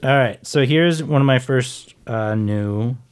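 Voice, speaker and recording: A man's voice: mid-range voice, slow pace, clear, resonant tone. An American man co-hosting a podcast, chatting casually and swearing now and then. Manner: laid-back, swears casually. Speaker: podcast co-host running the soundboard.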